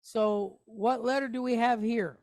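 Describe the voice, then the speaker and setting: A woman's voice: on the high side, steady tone, a little slow, darkish tone, dry recording, studio quality. A woman teaching a Hebrew reading lesson, patiently explaining each letter and asking the class questions.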